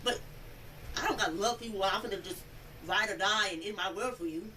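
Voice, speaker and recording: A young woman recounting an incident in an interview, telling it in a rambling, animated way and acting out the quoted speech. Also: medium pitch, a little fast. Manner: animated storytelling, acts out quoted speech, many "like" fillers. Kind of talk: rambling first-person account. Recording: distant mic, noisy room audio.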